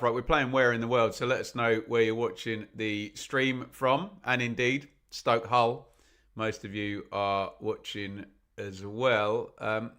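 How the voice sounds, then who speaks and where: A man's voice: medium pitch, a bit bright. A man hosting a live football watch-along, chatting and joking as he reads out viewers' locations. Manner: chatty, jokey, bursts into snatches of song. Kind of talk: live-stream chat reading out viewers.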